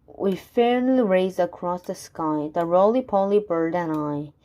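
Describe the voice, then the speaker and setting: Slow-reading woman storyteller. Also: on the low side, warm tone. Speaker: reader. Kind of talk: reading a rhyming story aloud.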